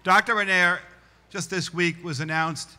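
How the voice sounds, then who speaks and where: A man's voice: high-pitched, steady tone, unhurried, pushed and bright, long reverb tail. A man hosting a graduation ceremony under a large tent, making off-script remarks between speakers. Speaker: college president hosting the ceremony.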